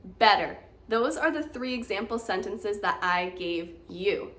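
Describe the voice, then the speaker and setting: An American woman coaching the accent, encouraging and clear as she walks learners through examples. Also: mid-range voice, animated, a little slow, a bit bright. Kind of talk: teaching lesson to camera.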